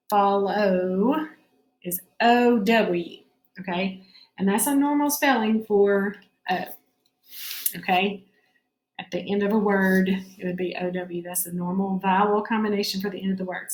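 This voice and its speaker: A woman teacher giving a spelling lesson to children, patiently sounding out each word slowly and checking in with her class. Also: medium pitch, echoey room.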